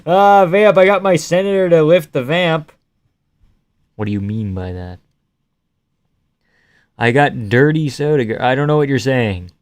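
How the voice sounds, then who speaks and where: Man with a smooth voice, offhand stream chat. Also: on the high side, lively intonation, measured pace, long pauses, no room sound. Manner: crude, joking, loose and offhand. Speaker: live stream host. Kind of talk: casual live stream chat, reading viewer comments.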